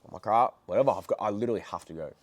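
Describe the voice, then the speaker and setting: A man's voice: fairly low pitch, rapid-fire, no room sound. Swearing young man telling a story. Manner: heavy swearing, excitable and blunt. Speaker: vlogger. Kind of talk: casual storytelling.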